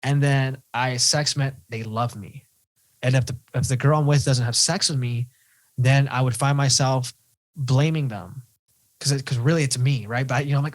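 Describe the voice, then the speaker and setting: A man, a podcast guest candidly telling his own story and acting out his inner voice. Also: medium pitch. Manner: fast, animated storyteller who acts out his own inner voice.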